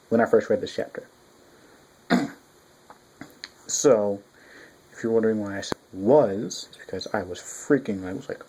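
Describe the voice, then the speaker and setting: A man talks through a casual review in a mellow, warm voice. He is excitable and rambling, restarting sentences and swearing freely as he goes. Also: on the low side, a little slow, pauses often, husky. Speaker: manga reviewer.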